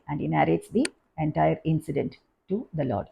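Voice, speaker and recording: A woman teaching a devotional lesson, telling a scripture story in a halting, pausing way. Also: deep voice, creaky, breathy edge, lo-fi sound. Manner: halting, with frequent pauses and fillers. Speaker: spiritual teacher.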